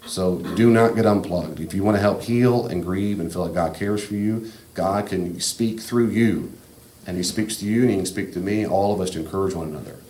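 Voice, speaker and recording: A man's voice: sits low, a little fast, a little mellow. A man giving an earnest, direct teaching talk as a preacher. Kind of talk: sermon-style teaching talk. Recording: echoey room, faint ambient noise.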